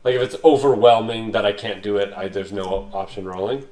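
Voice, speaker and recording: A man's voice: lowish voice, steady tone, brisk, darkish tone. Hesitant male player, distant mic. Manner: hesitant, full of fillers. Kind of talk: playing a tabletop game. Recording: echoey room, voice far from mic.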